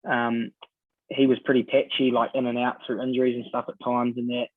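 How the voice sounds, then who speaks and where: A New Zealand man in his twenties, a podcast guest telling stories in a relaxed way, full of ums and sort-ofs. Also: mid-range voice, a little fast, dry recording. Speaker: guest rugby player. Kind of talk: casual podcast chat. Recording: dry, tinny phone-like sound.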